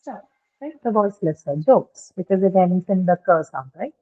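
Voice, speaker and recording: A woman with a lowish, animated voice teaches pronunciation rules in an online phonetics class. The video call line sounds narrow and tinny. She often stops to check that everyone understands and uses many fillers while working through examples.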